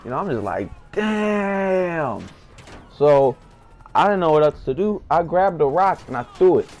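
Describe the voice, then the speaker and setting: A man's voice: on the high side, sing-song, brisk, a little mellow, dull audio. A young man telling a comic story-time tale in a slangy, rambling voice, full of fillers and bursts of hype. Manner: hyped, acts out friends' voices in quotes. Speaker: storyteller vlogger.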